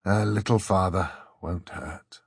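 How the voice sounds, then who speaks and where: A man voicing a hoarse, weary aristocratic man who half-whispers his lines. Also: low-pitched, steady tone, slow pace, dry recording, studio quality, full character voice.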